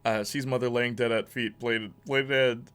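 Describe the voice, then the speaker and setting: A man's voice: mid-range voice, fairly even intonation, normal speed, fairly bright tone, clean tone. A young man casually commenting on his gameplay. He laughs often, talks in slang and mocks the lines by putting on voices. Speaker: let's play host.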